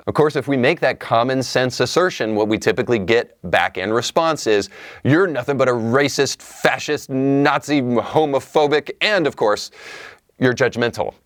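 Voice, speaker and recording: A man's voice: mid-range voice, dry recording, clean studio sound. A man hosting an opinion show, delivering a commentary monologue in an emphatic, sarcastic manner. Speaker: show host.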